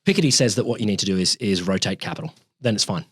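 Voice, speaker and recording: A man co-hosting a casual history podcast, his pitch rising and falling constantly as he explains. He talks loosely, restarts sentences and swears now and then. The sound is dry and close, with no room echo. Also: expressive, rapid-fire, slightly rough.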